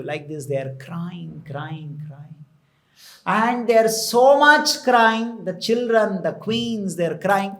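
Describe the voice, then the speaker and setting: A man's voice: high-pitched, lively intonation, slow, fairly bright tone. A man with an Indian English accent, telling a scripture story as a temple preacher, with repeated phrases and Sanskrit words mixed in.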